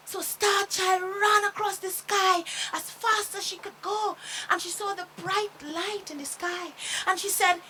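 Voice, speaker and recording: A woman telling a children's bedtime story in a gentle, expressive way. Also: very high voice, unhurried, a little hiss or hum, poor audio.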